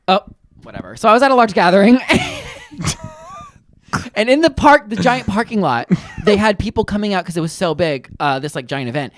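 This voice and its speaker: A woman's voice: medium pitch, fairly quick, slight background noise. A woman in her twenties co-hosting a podcast, telling stories in casual chat and acting out quotes. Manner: animated storyteller, acts out quotes. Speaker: podcast co-host.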